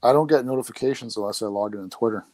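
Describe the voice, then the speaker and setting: A man's voice: medium pitch, rapid-fire, a little mellow, dry recording. A man co-hosting a podcast from his phone over a call, asking puzzled questions in casual chat. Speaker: podcast co-host. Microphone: phone on a remote call.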